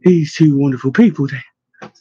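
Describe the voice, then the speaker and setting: A man voicing a tearful young woman who has lost her memory, speaking hesitantly and haltingly. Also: sits low, warm tone, slightly rough, no echo. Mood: shaken. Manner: hesitant, faltering. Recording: slightly dull, dry recording.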